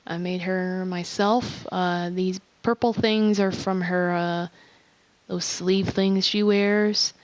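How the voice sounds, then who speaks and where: A woman giving casual gameplay commentary for her video, rambling and halting with many restarts. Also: on the low side, fairly even intonation, no room sound. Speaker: game video creator.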